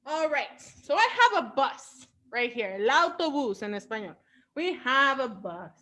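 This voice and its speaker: A woman's voice: high-pitched, bright, forceful tone. A woman leading an online children's storytime as a librarian, talking in an upbeat, patient, teacher-like way and dropping in Spanish words. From Mexico.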